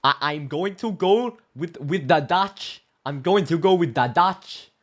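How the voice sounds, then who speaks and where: A man's voice: on the high side, expressive, a little slow, pitched above the performer's own voice. A man doing a mock Dutch accent as a joke. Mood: mock-serious.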